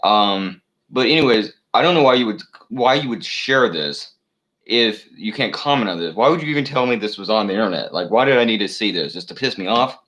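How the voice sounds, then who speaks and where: A man's voice: lowish voice, expressive, a little fast, fairly bright tone, poor audio. A man delivering a rambling solo rant to camera, full of profanity, fillers and false starts. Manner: profane, meandering, many fillers and restarts. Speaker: channel host.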